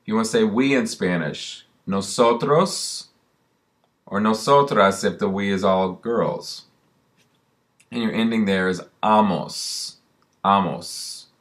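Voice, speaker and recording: A man with a fairly low voice talks through a recorded language lesson. He is patient and steady, slowing down to repeat each drill word so learners can follow. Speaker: Spanish teacher. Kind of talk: recorded classroom lesson narration.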